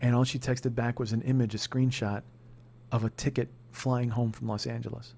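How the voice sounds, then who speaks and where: A man in his forties hosting a comedy podcast, telling a long story in a casual, profane way that often climbs into shouted rants. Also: medium pitch, flat delivery, moderate pace, vocal fry. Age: 40s. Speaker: podcast host.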